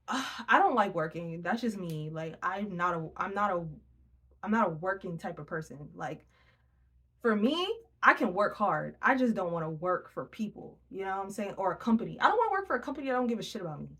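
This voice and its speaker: A young woman giving a casual tarot reading, blunt and profane, telling animated stories from her own life. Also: mid-range voice. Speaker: tarot reader.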